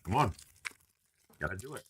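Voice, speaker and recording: Deep-voiced joking man hosting a card stream. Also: very animated, moderate pace, a bit bright, slight background noise. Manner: joking, chatty, calls out card names. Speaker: stream host opening card packs. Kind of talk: casual live-stream commentary. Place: indoors at a store.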